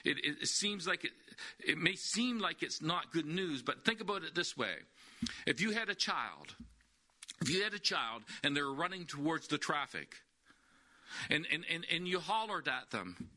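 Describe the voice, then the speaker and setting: A man's voice: on the high side, very animated, moderate pace, pushed and bright. A man preaching a sermon, emphatic, repeating key words and asking rhetorical questions.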